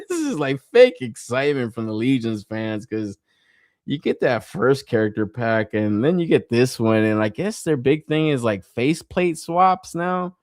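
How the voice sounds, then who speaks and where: A man's voice: mid-range voice, measured pace, no echo, clean studio sound. A man hosting a toy podcast in a casual monologue, cursing often, laughing, and acting out his own reactions. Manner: profane, animated storytelling with frequent laughs.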